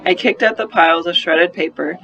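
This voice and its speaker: A man narrating a first-person children's story in an expressive, brisk storytelling manner, on a slightly muffled recording. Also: high voice, creaky. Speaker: audiobook narrator.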